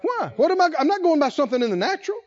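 High-voiced man preaching with fervor. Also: sing-song, racing, dull audio. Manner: emphatic preaching, repeating key phrases with rising intensity. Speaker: pastor. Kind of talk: sermon.

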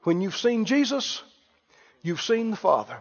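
A man's voice: high voice, big pitch swings, a little slow, in a large hall, lo-fi sound. A man preaching a sermon in a church, emphatic and calling out questions for the congregation to answer.

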